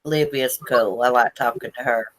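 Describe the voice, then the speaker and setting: A woman's voice: a bass voice, brisk, dry recording, poor audio. A woman from Northern Virginia hosting a casual live stream, chatting and greeting viewers by name. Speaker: livestream host.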